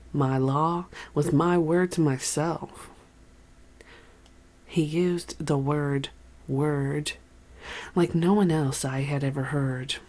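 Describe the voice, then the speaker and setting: A soft-spoken reader narrates a first-person memoir aloud at a slow, measured pace. The voice stays at a mid pitch with an unhurried, even delivery. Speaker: audiobook reader.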